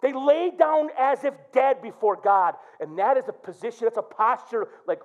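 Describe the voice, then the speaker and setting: The recording is muffled, carrying a middle-aged man's very high voice at normal speed with few pauses. He's a pastor preaching animatedly, telling stories and acting out quoted prayers.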